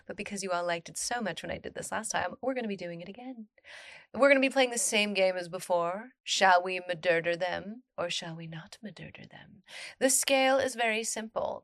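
Woman podcast host, playful and animated, gravelly edge, close dry sound. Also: mid-range voice, dry recording. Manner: animated and playful, with gasps and excited reactions. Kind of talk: casual podcast, reading and reacting to online stories.

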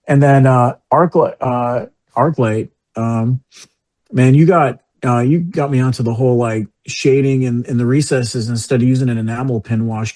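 A man's voice: mid-range voice, dark tone. A man with a New York accent chatting casually on a podcast, meandering and correcting himself as he talks enthusiastically. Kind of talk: casual chat.

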